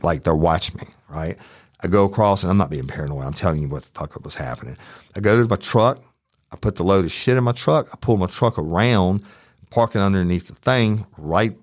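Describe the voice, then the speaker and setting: A man's voice: low-pitched, dry recording, clean studio sound. A middle-aged man with a Southern Louisiana accent, telling a heated true crime story on his podcast, cursing often and quoting back-and-forth exchanges. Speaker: podcast host.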